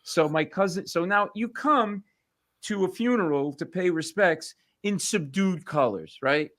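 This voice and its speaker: A male comedian telling family stories on a talk show, animated and punchy, slipping into voices. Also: sits high, unhurried, dry recording. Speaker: comedian guest. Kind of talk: comic storytelling.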